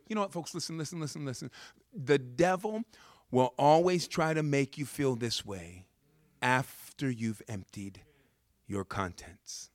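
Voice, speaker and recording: Lively, animated male preacher. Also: mid-range voice, unhurried, no echo, studio quality. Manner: animated, humorous storytelling; repeats words for emphasis. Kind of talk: sermon.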